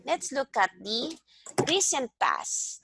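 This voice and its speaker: Speaking slowly in a high-pitched, sing-song, gravelly voice, a Filipina language tutor guides a student through a one-on-one video call lesson. She explains things patiently step by step and prompts her student, with background noise audible.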